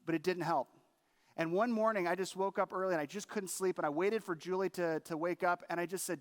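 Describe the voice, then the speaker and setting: A middle-aged pastor with a high voice speaks fairly quickly while preaching a sermon. He earnestly tells a personal story, quoting himself and his wife in altered voices.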